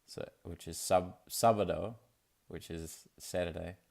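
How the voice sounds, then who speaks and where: A man's voice: deep voice, level tone, moderate pace, gravelly, a little mellow. A young man, talking in a laid-back, rambling way for his video diary, full of fillers and restarts. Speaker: vlogger.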